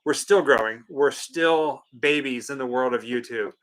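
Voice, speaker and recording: A man's voice: medium pitch, moderate pace, fairly bright tone. A man co-hosting a live stream in casual chat, reading out viewer comments and playfully insisting on his point. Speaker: co-host of a live watch-party stream.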